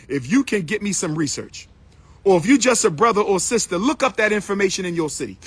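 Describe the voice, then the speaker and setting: Fiery, husky high-voiced man preaching. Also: sing-song, brisk, fairly bright tone, dry recording. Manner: preaching, repeats his calls and pleas. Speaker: activist speaker. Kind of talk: impassioned speech.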